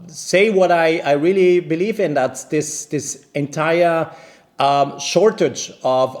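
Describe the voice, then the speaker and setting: Man telling a story, slightly high. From based in Vienna. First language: not English; speaks non-native English. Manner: animated, indignant, many restarts. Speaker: watch channel host. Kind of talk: casual storytelling to camera.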